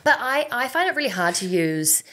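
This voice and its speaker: A woman's voice: on the high side, very animated, a little fast, a bit bright. A woman with a New Zealand accent co-hosting a casual podcast, chatty and opinionated. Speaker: podcast co-host. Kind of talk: casual chat.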